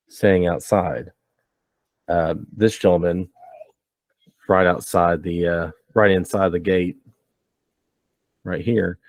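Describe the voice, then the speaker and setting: Deep-voiced, slow man running a tabletop game. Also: dry recording. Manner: relaxed, rambling, with fillers. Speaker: game master.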